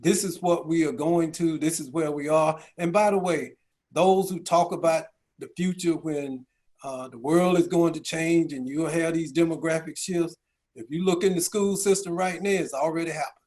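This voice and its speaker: A man's voice: fairly high pitch, moderate pace, darkish tone. A middle-aged man, a county chief executive, speaking at a business round table and telling stories with rhetorical questions and folksy asides. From Georgia, US.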